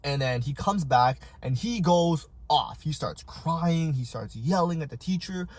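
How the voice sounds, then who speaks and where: A man, telling stories in a casual, animated, self-mocking way and acting out voices. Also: fairly high pitch, measured pace, no room sound. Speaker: vlogger. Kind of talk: casual storytelling while eating.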